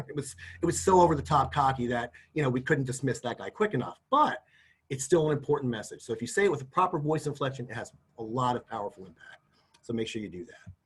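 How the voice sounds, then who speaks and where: Fast, husky, and expressive, this mid-range male voice belongs to a middle-aged career services presenter. He gives down-to-earth job interview guidance conversationally and folksily, regularly role-playing what to say.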